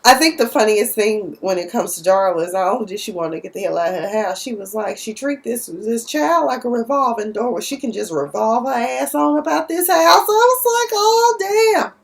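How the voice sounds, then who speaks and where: Gravelly sassy woman. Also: mid-range voice, lively intonation, brisk, hardly any pauses. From Dallas, Texas. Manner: sassy, outspoken, cussing. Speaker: TV episode recapper. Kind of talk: casual episode recap.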